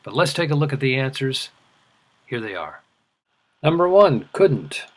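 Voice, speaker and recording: A middle-aged man teaching an English lesson, enunciating slowly and deliberately for learners. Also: medium pitch, sing-song. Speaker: ESL teacher. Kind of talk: scripted language lesson.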